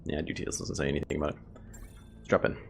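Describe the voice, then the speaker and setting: A man's voice: extremely low pitch, completely flat delivery, quick pace, gravelly, a little hiss or hum. A man casually commentating a game he plays, chatty and thinking aloud to his viewers. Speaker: gameplay video host. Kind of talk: casual let's play commentary. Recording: game music playing behind.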